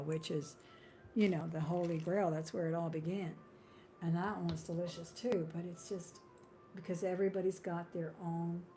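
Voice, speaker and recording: This live-stream jewelry seller has a mellow, mid-range woman's voice, heard with a little hiss or hum. Friendly and talkative, she calls out buy-now prices, slips into small talk, and laughs frequently.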